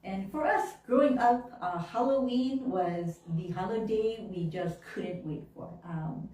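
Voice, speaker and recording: A woman telling childhood stories during a sermon, animated and laughing often, acting out little voices along the way. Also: mid-range voice, measured pace. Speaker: minister. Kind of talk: storytelling sermon. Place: church hall. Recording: very echoey room, mic at a distance.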